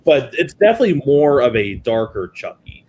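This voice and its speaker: Brief: male podcast co-host, mid-pitched voice, halting delivery with restarts, casual swearing. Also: very animated, darkish tone, rough recording. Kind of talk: casual chat.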